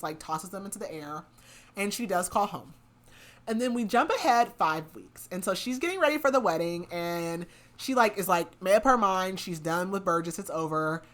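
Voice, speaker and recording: With a lowish voice, a podcast host recaps a romance novel in a casual, chatty way. She says "like" a lot and half-performs the quoted lines as she retells it with animation.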